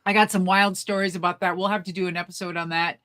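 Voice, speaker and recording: Animated woman telling stories, bright voice. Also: lowish voice, fast talker. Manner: animated, acts out quoted voices loudly. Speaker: co-host. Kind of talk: casual storytelling chat. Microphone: live stream, remote.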